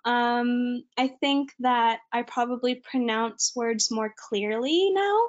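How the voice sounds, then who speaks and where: A woman's voice: fairly high pitch, slow, dull audio. A young woman from California with an American accent, giving a chatty, informal online presentation as a student.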